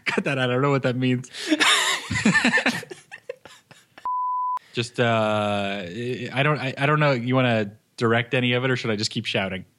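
A man's voice: medium pitch, very animated, measured pace, long pauses, bright, forceful tone. A man co-hosting a podcast in casual banter, playful and goofy, laughing often, recorded on a microphone in an office. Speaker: podcast co-host. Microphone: studio microphone.

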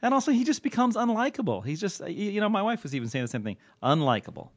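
A man's voice: sits high, very animated, fast, dry recording. A man hosting a podcast in casual chat, joking and rambling in a self-mocking way. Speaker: podcast host, TV critic.

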